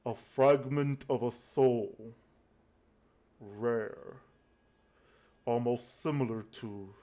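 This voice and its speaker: A man voicing Death, a calm, aloof male keeper of souls who speaks low, quiet and measured, with slow pacing. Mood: solemn.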